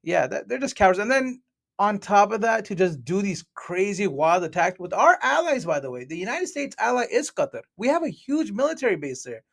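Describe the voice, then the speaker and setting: A man with a fairly high voice talks on a podcast panel. He speaks bluntly and slips into slang and mocking asides. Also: very animated, brisk, creaky. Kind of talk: heated podcast discussion.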